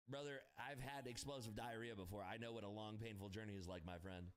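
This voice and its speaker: A man's voice: on the low side, fairly quick, faint music behind. A young man livestreaming his trading, talking casually and crudely with hyped asides to his chat.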